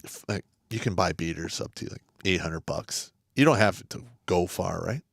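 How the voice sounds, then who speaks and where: Rambling, profane male co-host, lowish voice. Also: moderate pace, gravelly, no echo, clean studio sound. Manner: profane, rambling, loud when excited. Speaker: podcast co-host. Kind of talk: casual political chat.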